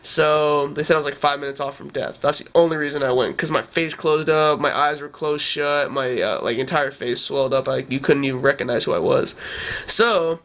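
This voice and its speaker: A man's voice: a little high, moderate pace, a bit bright. A man in his twenties telling a story to camera in a rambling, casual way, with lots of "like" and swearing. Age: 20s. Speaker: vlogger.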